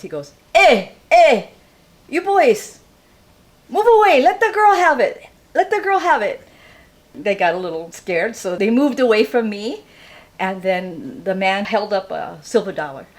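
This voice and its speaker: Older woman from Hawaii, live storyteller, animated and laughing, acts out the people in her story. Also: mid-range voice.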